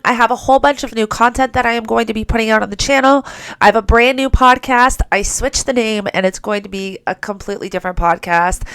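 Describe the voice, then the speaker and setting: A woman's voice: on the high side, a bit bright, clean tone, no room sound. A woman with a stuffy, nasal voice from a cold, giving a chatty, rambling weekly astrology forecast to her channel. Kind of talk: casual weekly forecast talk to camera.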